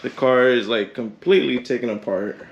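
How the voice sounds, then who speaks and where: A man's voice: medium pitch, moderate pace, creaky, husky, dull audio. A man casually narrating a car vlog, chatting straight to his viewers, a bit out of breath from hot work outside. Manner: casual, chatty, addresses viewers as "you guys". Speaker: car vlogger. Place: outdoors on a driveway, hot day.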